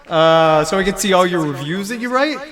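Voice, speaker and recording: A man's voice: high voice, animated, brisk, fairly bright tone. A man playing a chummy dead dad's ghost. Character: dead father's ghost, middle-aged man, awkward and chummy. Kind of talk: improv comedy scene.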